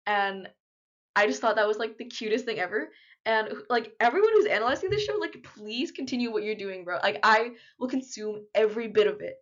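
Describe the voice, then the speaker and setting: A young woman talking casually to camera in an unedited vlog, chatty and full of fillers, gushing like an excited fan. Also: medium pitch, moderate pace. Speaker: vlogger. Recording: slightly dull lo-fi audio.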